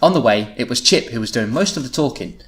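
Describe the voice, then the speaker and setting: Uomo britannico che ride spesso. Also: male voice, mid-range voice, animated, fast talker. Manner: giggly, laughs often at his own writing. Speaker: podcast host reading his teenage writing. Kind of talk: comedic podcast read-through.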